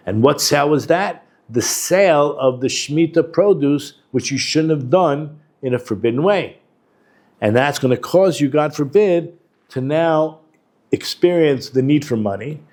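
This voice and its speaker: A man's voice: fairly high pitch, animated, unhurried, a little mellow. A man, a rabbi and educator, giving a conversational Torah lesson and working through texts with Hebrew terms and quotes. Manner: informal, with restarts and asides to the class.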